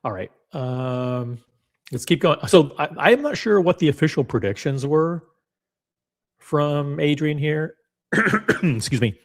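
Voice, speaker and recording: A man hosting a casual livestream, chatty and blunt, reading viewer comments aloud with quick restarts and self-deprecating asides. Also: fairly high pitch, expressive. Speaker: livestream host reacting to watch predictions.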